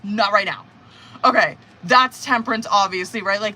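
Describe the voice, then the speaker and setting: Speaking at normal speed in a medium-pitched voice, a tarot reader gives a live reading in a casual, animated style. She swears a lot and acts out her viewer's thoughts and feelings.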